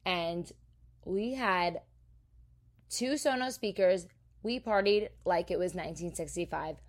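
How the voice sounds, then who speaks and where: A woman from New Jersey, a podcast host, telling a story in a casual, animated, profane way. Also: lowish voice, unhurried.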